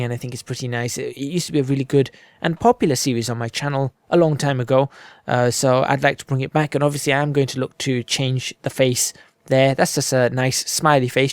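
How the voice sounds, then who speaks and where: A man's voice: medium pitch, no echo. A man giving rambling, self-deprecating let's-play commentary into a close desk microphone. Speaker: gaming video creator. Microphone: desk microphone close to the mouth.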